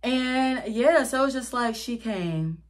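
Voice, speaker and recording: A woman's voice: on the high side, animated, a little slow. A young woman vlogger telling a story from her childhood to viewers, chatty and candid, often calling them y'all and adding slang. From Pittsburgh area, USA. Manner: candid, dramatic retelling with slang. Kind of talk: casual storytime.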